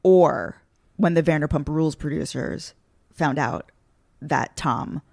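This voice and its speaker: A woman with a fairly low voice hosts a casual podcast chat. She talks in a candid, chatty way with loose, rambling phrasing. The sound is dry and close. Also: slow pace, gravelly, a little mellow, dry recording. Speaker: podcast host.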